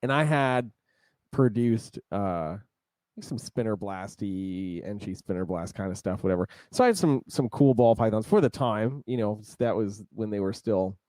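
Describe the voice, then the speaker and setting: A man's voice: lowish voice, animated, moderate pace, dark tone, dry recording, clean studio sound. A man co-hosting a podcast in casual chat, laid-back and laughing easily. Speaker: podcast co-host.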